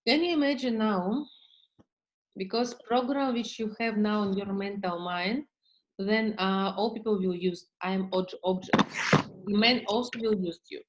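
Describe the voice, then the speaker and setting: A woman therapist coaching a client in slow, halting English with many fillers. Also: medium pitch, highs cut off, slight background noise. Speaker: therapist leading a session.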